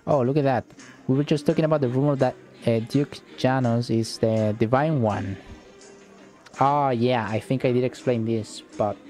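Mellow-voiced man casually commenting on gameplay. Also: mid-range voice, moderate pace, faint music behind. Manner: casual, swearing, joking. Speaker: let's play host.

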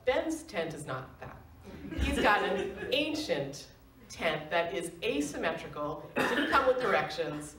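A middle-aged woman telling a personal story on a stage, animated and laughing often as she acts out quoted voices. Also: lowish voice, unhurried, background noise. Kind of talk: live storytelling. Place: stage in an arts center. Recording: roomy, distant live stage recording.

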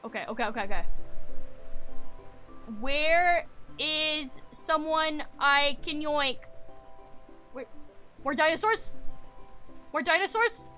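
Woman streamer, high bright voice, excitable, squeals then mutters, game commentary, faint music behind. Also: takes it slowly, pauses often. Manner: excitable, swings between loud squeals and mutters. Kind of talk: casual gameplay commentary.

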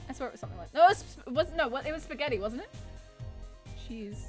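A young woman streaming a video game, excitable and loud, who swears often and keeps squealing and exclaiming. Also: high-pitched, fast talker, soft background music. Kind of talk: live gaming stream commentary.

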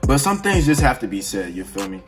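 Laid-back man chatting, lively pitch. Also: fairly quick. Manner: laid-back, chatty, laughs often, yawning. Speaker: reaction channel host. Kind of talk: casual reaction commentary. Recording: clear music behind the voice. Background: music playing from the reacted video.

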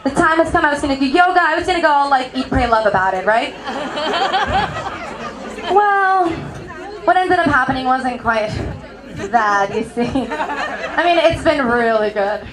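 A young woman from Mexico performs stand-up, her voice riding high as she jokes at her own expense. She laughs through her own punchlines. A live audience murmurs and laughs around her. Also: expressive, a little slow, pauses often. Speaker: stand-up comedian. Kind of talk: stand-up comedy set. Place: comedy venue with a live audience. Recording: crowd noise from a live audience.

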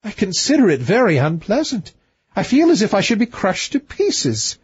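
A man's voice: sits high, huge pitch swings, normal speed, breathy edge, pitched above the performer's own voice, exaggerated voice. A man reading a storybook who voices a young princess, with a slightly raised, complaining tone. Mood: peevish. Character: young princess, petulant then tender. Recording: dull dry lo-fi recording.

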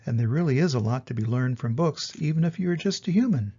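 Older man, grandfather, storybook read-aloud, lively intonation, husky voice. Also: mid-range voice, quick pace, lo-fi sound.

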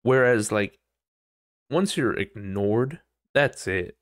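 Gravelly, profane man ranting on a podcast. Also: on the low side, unhurried, no room sound, clean studio sound. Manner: rambling, profane, animated outbursts. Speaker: podcast host. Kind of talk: casual solo podcast monologue.

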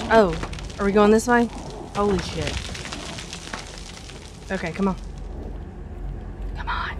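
A woman's voice: mid-range voice, a little slow, long pauses, noisy background. A woman doing let's play commentary on a horror game, reacting aloud, talking to the characters and swearing when startled. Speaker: streamer playing a horror game.

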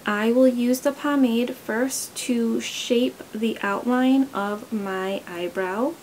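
A woman's voice: on the high side, slow, darkish tone, a little hiss or hum, low-quality recording. A young woman chatting casually while doing a makeup tutorial, rambling into stories along the way, recorded close to the camera. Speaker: beauty vlogger.

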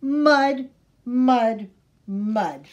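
A woman's voice: fairly high pitch, drawn-out words, darkish tone, muffled recording. A woman voicing a cranky little duckling girl with a whiny, pouting voice. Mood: grumbling.

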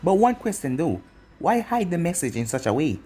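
A man's voice: a little high, sing-song, moderate pace, dark tone, slightly rough, soft background music. A man voicing a cocky young male ninja hero in a read-aloud fan story, taunting and self-assured.

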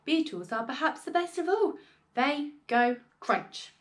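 A woman's voice: high voice, expressive, measured pace, pitched above the performer's own voice. A woman voicing a bossy, nasty tiny old grandmother who snaps and scolds in a read-aloud storybook. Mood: relishing. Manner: snappish, scolding, relishing disgust.

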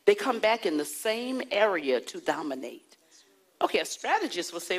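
A woman pastor preaching a sermon, animated and playful with the congregation. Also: lowish voice, moderate pace. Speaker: pastor and prophetess.

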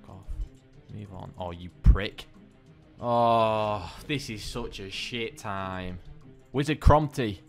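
A man's voice: fairly low pitch, slow, creaky, soft background music. A man hosting a gaming channel, swearing and joking as he commentates his own gameplay. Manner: excitable, swearing, jokey banter.

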